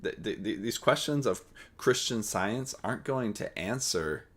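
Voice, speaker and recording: Deep-voiced earnest male commentator. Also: animated, a little slow, a bit bright, breathy edge. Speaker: channel host. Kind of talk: commentary on a played panel.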